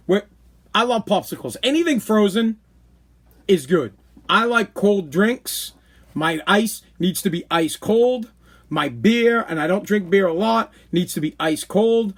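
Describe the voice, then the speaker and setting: A man talks in a fairly high voice for a man. He rants casually and opinionatedly, joking and blunt, like a host chatting on his own podcast stream. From Boston, New England. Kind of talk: casual live-stream rant.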